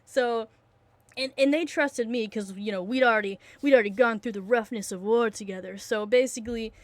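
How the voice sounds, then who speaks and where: A young woman telling a long story in a casual, rambling way, full of fillers and restarts, excitable and often losing her train of thought. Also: fairly high pitch, brisk, no room sound.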